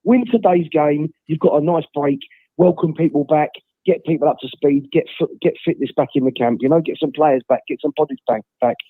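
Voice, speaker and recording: A man calling in while unwell, his voice high and husky. He rants bluntly about football in a phone-in. The sound is thin and phone-like, with a dry, close feel. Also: brisk, no echo. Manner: blunt, ranting football opinions. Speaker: caller. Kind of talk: phone-in rant. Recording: tinny phone line.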